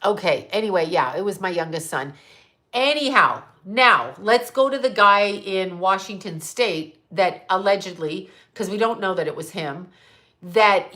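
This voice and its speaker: A woman's voice: mid-range voice, lively intonation, measured pace, sharp tone. A middle-aged woman from Canada hosts a live stream alone and talks straight to her viewers. She speaks bluntly, swears constantly and rants in a mid-range voice, stopping now and then to answer comments. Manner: blunt, heavy swearing, ranting. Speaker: psychic livestream host. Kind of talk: livestream monologue.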